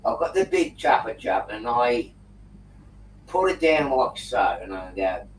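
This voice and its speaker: A man, hosting a casual video call and telling a prank story in an animated way. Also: medium pitch, measured pace. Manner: animated yarn-spinner, prankster humor. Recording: roomy, distant mic with faint noise.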